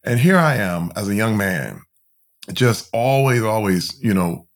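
Speaking a little slowly in an expressive, lowish voice, a man from Flint, Michigan, USA, shares his own story as a podcast guest. He is candid and emphatic, and fillers and restarts run throughout.

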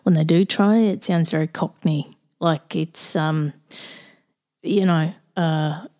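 A woman's voice: deep voice, fairly even intonation, takes it slowly, mellow. A woman from Australia hosting a casual chat over a video call, bubbly, laughing often and repeating words.

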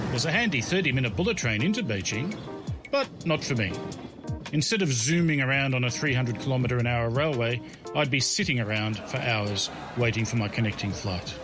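A man telling his own comic travel story as scripted narration, in a wry, deadpan way. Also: medium pitch.

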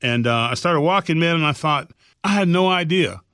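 A man's voice: a little high, animated, moderate pace, sharp tone, dry recording, studio quality. A man co-hosting a podcast, telling a story earnestly in casual chat and voicing the people in it. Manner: earnest storytelling with voiced quotes. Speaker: podcast co-host.

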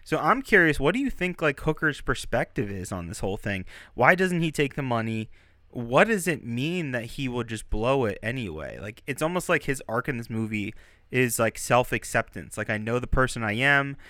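A man co-hosting a podcast in casual chat, animated and given to exaggerated mock-outraged outbursts. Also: mid-range voice, normal speed, dry recording, clean studio sound. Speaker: podcast co-host.

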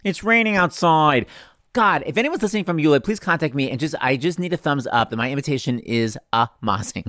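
A man hosting a podcast, chatting with quick comic asides and a gossipy, animated delivery. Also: mid-range voice, dry recording, studio quality. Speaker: podcast host. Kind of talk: chatty podcast monologue and interview.

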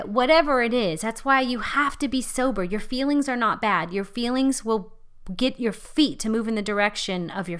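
A middle-aged woman leading a ministry, teaching in an impassioned, conversational sermon style that swings between loud and hushed. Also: medium pitch, clear, resonant tone. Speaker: ministry leader.

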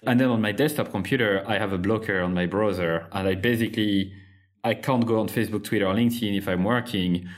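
A man's voice: on the low side, fast. A man from France with a French accent, hosting a podcast in casual, candid conversation and swearing freely. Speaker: podcast host.

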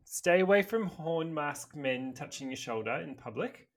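A man's voice: on the high side, lively intonation, moderate pace. A man co-hosting a podcast, easygoing and laughing along in casual chat. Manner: laid-back, laughing along. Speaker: podcast co-host.

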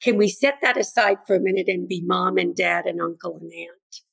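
A woman's voice: on the low side, normal speed, gravelly, breathy edge. An older woman, a grandmother and educator, speaking earnestly as an interview guest and acting out what kids and parents say. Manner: earnest, acts out quoted voices. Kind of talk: conversational interview.

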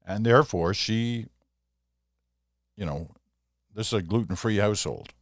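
An older man hosts a solo podcast, chatting casually and rambling with self-deprecating asides. His voice is lowish and unhurried, recorded at studio quality with no echo.

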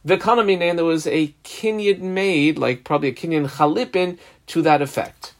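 A man's voice: a little high, normal speed. A man giving a Talmud lesson, explaining each step and marking the text aloud as he reads. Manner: explains step by step, marks text aloud, uses example names. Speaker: Talmud teacher.

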